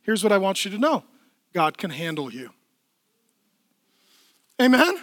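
Bright, high-voiced preaching man. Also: huge pitch swings, measured pace, no echo, clean studio sound. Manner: impassioned preaching, swinging from loud pleas to quiet tenderness. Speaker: pastor. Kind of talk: sermon. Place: church.

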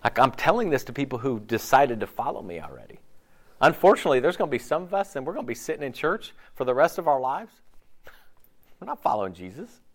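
Animated man preaching a casual sermon. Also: mid-range voice. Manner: animated, conversational preaching with quick voiced asides. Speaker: pastor.

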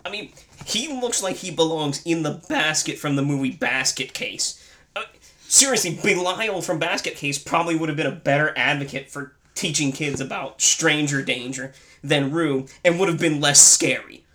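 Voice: medium pitch, normal speed, sharp tone. Sarcastic podcast co-host riffing on a film. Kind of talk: casual chat.

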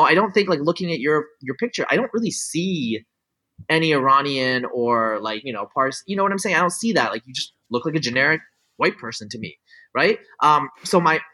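A man's voice: on the high side, pushed and bright, husky, rough recording. A middle-aged man in casual conversation, explaining his views at length in looping sentences full of fillers and restarts. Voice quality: talks in looping restarts with many "like" and "you know" fillers. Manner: explanatory, opinionated.

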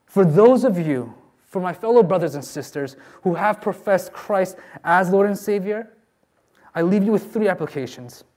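A man's voice: sits high, animated, normal speed, darkish tone. A man preaching a sermon as a pastor, earnest and pleading with his listeners.

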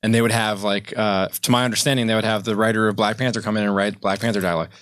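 A man's voice: on the low side, steady tone, racing, a bit bright, no echo, studio quality. A man co-hosting a casual podcast chat, laid-back and profane, laughing often as he tells stories. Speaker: podcast co-host.

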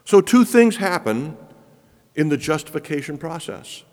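A man's voice: a little high, expressive, moderate pace, a little mellow. Preaching man in an echoing hall. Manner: emphatic, rising and falling preaching cadence. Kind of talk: sermon. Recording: long reverb of a large hall.

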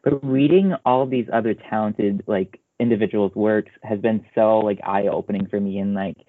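A young man with a somewhat low voice speaks earnestly about his writing, hesitating with fillers. His voice is thin and phone-like. The sound is very dry. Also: steady tone, normal speed, dry recording. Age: young adult. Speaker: student poet. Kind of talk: casual group reflection. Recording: tinny phone-like line.

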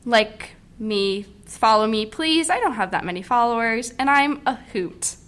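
A young woman in her twenties co-hosts a podcast, chatting casually and breaking into giggles. Her voice is bright and fairly high, and it swings a lot in pitch as she jokes around. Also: lively intonation, measured pace. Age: 20s. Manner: giggly, joking, laughs often. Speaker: podcast co-host. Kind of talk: casual chat.

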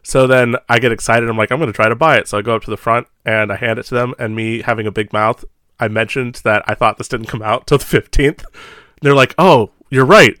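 A man's voice: medium pitch, fairly even intonation, fairly quick, fairly bright tone, smooth, dry recording, studio quality. A man co-hosting a podcast, chatting casually about movies, rambling with frequent laughs. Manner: rambling, laughs often, acts out little dialogues. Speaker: podcast co-host.

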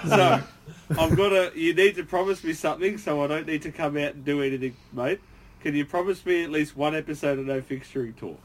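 A man's voice: on the high side, fairly quick. Man teasing mates, swearing. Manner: swearing, teasing, laughing often. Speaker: podcast co-host. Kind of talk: casual roasting banter. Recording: background noise.

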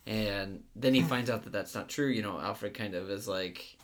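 A man's voice: fairly low pitch, normal speed. A man co-hosting a casual podcast, talking about a film in a rambling way with many fillers. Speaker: podcast co-host. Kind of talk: casual movie discussion.

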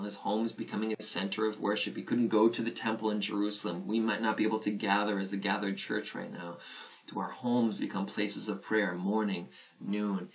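A man's voice: fairly low pitch, fairly bright tone, far from the mic, rough recording. A man preaching a sermon as a pastor, earnest and conversational, posing rhetorical questions to his listeners.

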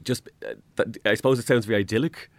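Soft-spoken Irish radio presenter, low voice. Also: male voice, steady tone, fast talker, no room sound. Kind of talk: radio interview and links.

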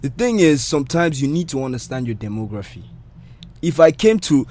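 A man speaks with a smooth, polished radio-presenter accent. He argues his side in an animated, defensive way, often repeating a phrase to drive it home, at a middle pitch. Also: fairly quick. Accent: polished radio-style English accent. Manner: animated, defensive, repeats himself when making a point. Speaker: radio presenter, podcast guest. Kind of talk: casual argumentative chat.

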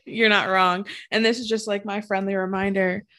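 A woman's voice: medium pitch, flat delivery, moderate pace, sharp tone. Laughing woman podcast host. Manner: laughs often, short affirmations. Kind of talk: casual podcast chat.

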